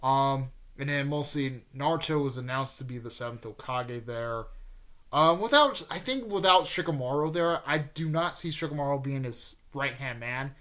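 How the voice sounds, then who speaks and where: A man's voice: medium pitch, sharp tone. Guy rambling through a fan story off the cuff, lots of ums, keeps restarting. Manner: rambling, many fillers and restarts; acts out characters' lines in quick snippets. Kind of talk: casual improvised retelling of a fan story.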